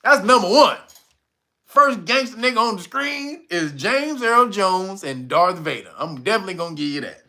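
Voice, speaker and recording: A man hosting a casual livestream, reading viewer comments and reacting loudly with profanity and frequent laughter. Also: high voice, animated, normal speed. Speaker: livestream host reading chat.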